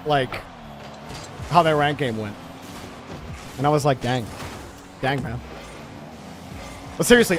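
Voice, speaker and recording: A man casting a live-streamed esports match, joking and chatting with viewers in an excitable way. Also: fairly high pitch, slight background noise. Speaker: game commentator and streamer.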